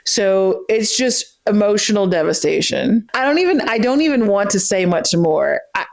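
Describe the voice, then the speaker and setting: A woman hosting a casual book review vlog, gushing and emotional, full of fillers and direct "okay?" asides to her viewers. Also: medium pitch. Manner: speeds up in rushes, then slows right down for emphasis.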